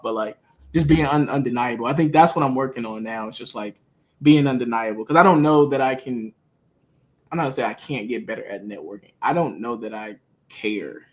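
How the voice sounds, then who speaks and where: Laid-back male podcast guest. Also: medium pitch. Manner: laid-back, reflective, laughs easily. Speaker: guest, media company co-founder. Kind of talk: casual podcast conversation.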